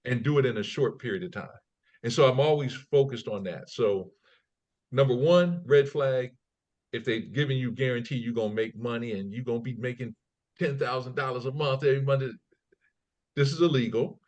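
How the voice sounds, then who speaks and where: A man's voice: medium pitch, normal speed, dull audio. Guy on a podcast, chatty, does little voices for people in his stories. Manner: animated storyteller, acts out quotes in raised voices; repeats and restarts words, folksy asides. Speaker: guest, trading company CEO. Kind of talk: conversational interview.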